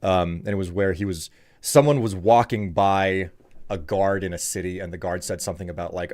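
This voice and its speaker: A man's voice: deep voice, brisk, soft background music. Rambling American man chatting on stream. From United States. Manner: rambling, ranting, talks back to chat. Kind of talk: casual live-stream chat.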